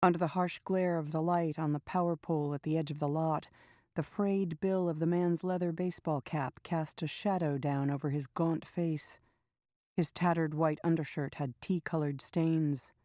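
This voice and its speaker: Low, mellow woman narrating an audiobook. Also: no room sound, studio quality. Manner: steady, measured storytelling.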